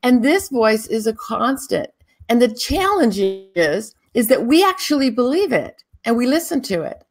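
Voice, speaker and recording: A woman hosting a spiritual talk show, guiding listeners in a calm, drawn-out, meditative way. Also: fairly high pitch. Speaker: spiritual teacher and show host.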